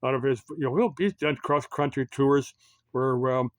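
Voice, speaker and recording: A man's voice: medium pitch, normal speed, dry recording. Rambling American man, dry sound. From United States. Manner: meandering, full of fillers and restarts. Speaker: YouTube commentator. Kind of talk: casual rambling commentary.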